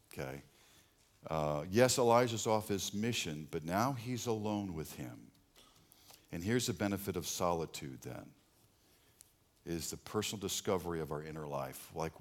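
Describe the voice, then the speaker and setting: Middle-aged male pastor, lowish voice, sermon with big loud swells and quiet asides. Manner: animated, swings between loud emphasis and hushed asides.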